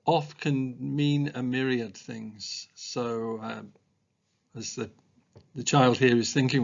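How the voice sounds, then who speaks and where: Man explaining calmly, slightly dull recording. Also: medium pitch, gravelly. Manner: measured, thoughtful, with frequent ums and uhs. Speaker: special school staff trainer. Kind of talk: explanatory training talk.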